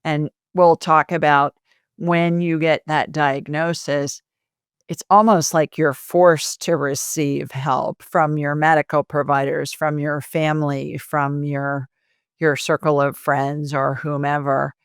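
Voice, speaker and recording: A woman with a very low, smooth voice hosting an interview. She restates her guest's ideas and checks that she has understood them. The sound is close and dry. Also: little pitch movement, takes it slowly, no room sound. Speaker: host. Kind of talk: interview podcast.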